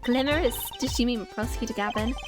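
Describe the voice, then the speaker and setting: A woman's voice: a little high, fast, lightly acted. A woman voicing a bubbly teenage girl stage magician, reading game dialogue aloud in a chirpy, playful, eager way. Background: game music.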